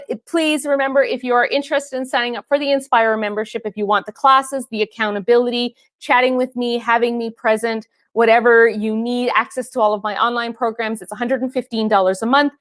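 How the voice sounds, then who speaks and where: A chatty woman trainer hosts a live online session and talks straight to her viewers, calling them by name and laughing often. Her voice sits a little high. The sound is dry and close, with no room echo. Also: fairly bright tone. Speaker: fitness trainer hosting a live stream. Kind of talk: casual live-stream chat.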